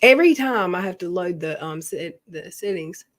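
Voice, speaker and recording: Relaxed woman streamer chatting. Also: on the low side, moderate pace. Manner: relaxed, asks short questions, laughs along. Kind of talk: casual chat.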